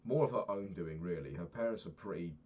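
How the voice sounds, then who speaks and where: A man's voice: sits low, a little fast, a little mellow, highs cut off. A young man talking through his day in a candid, rambling diary vlog, swearing freely. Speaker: vlogger.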